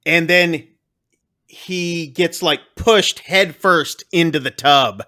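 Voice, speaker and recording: Guy on a podcast going thru a movie plot, high bright voice, acts out the lines. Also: measured pace. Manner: animated, acts out character lines. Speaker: podcast host. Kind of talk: casual chat recapping a movie.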